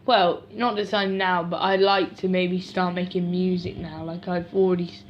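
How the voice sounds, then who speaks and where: A woman's voice: fairly low pitch, little pitch movement, normal speed, a little hiss or hum. A woman vlogging casually at home beside a washing machine, rambling and correcting herself as she goes. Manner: rambling, self-correcting, chatty asides. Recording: dull lo-fi home recording.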